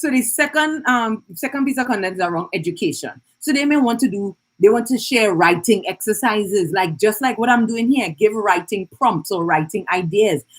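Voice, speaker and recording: A woman teaches on a live stream, chatty and personable, often tossing in "right?". Her voice sits at a middle pitch and has a husky, slightly rough edge. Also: animated, normal speed, hardly any pauses. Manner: chatty, keeps checking in with "right?". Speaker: business coach hosting an Instagram live. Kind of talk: live-stream teaching with viewer shout-outs.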